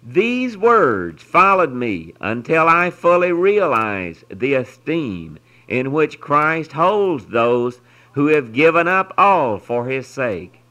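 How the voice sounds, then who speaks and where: Slow, earnest male devotional reader. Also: fairly high pitch, rough recording. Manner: earnest, expressive storytelling with solemn pauses. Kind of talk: reading a devotional story aloud.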